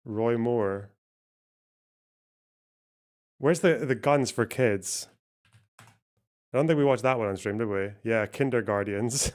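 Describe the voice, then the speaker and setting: A man streams reaction commentary in a sarcastic, profane, joking way. His voice sits at an ordinary mid pitch. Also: slow pace, pauses often. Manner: sarcastic, swearing, laughing asides. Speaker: streamer host.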